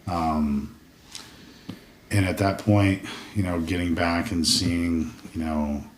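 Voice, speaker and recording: A man's voice: low-pitched, fairly even intonation, takes it slowly. A man in his forties, a military veteran guest on a podcast, telling his story in a candid, profane, casual way and acting out his past thoughts in quoted asides. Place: podcast studio room. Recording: roomy sound from a distant mic with faint noise.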